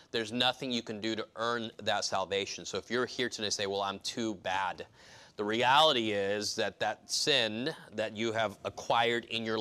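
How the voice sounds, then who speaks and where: A man's voice: lowish voice, sharp tone, clear, resonant tone. A middle-aged man preaching a sermon to his congregation, conversational, with emphatic rises. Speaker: pastor.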